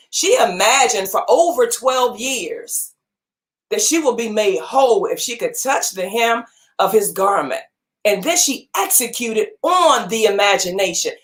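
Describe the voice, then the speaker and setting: A woman giving a motivational talk to her audience, preaching with repeated phrases for emphasis. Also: a little high. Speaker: motivational speaker and gym owner.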